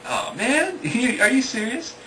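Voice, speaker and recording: A man voicing a whiny, pushy young village boy who pleads loudly in a raised, high voice. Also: very animated, fast talker. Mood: pleading. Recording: echoey room, mic at a distance, background noise.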